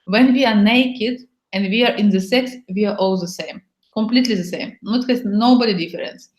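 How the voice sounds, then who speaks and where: A woman's voice: medium pitch, moderate pace. Woman, frank and playful. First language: Bulgarian. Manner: broken English, frank and playful, acting out little scenes. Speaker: workshop host. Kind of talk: casual chat. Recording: echoey room.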